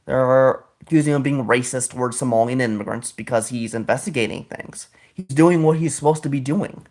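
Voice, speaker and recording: A man's voice: mid-range voice, fairly quick, a little mellow. A man hosting a podcast, talking in a casual, opinionated monologue that rambles, stalls and corrects itself. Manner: rambling, with frequent restarts and self-corrections; opinionated, politically outspoken. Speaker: podcast host.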